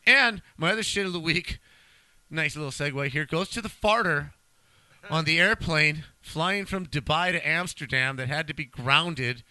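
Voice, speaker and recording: A man's voice: a little high, moderate pace, bright, forceful tone, dry recording. A middle-aged man co-hosting a casual podcast, telling stories in a laid-back, emphatic way. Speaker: podcast co-host. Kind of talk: casual chat.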